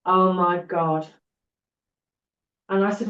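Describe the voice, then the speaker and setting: Middle-aged woman, earnest storytelling guest, lowish voice, echoey dull recording. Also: a little slow, pauses often. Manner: earnest, repeats words for emphasis. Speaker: podcast guest. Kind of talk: personal storytelling interview. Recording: roomy, dull-sounding recording.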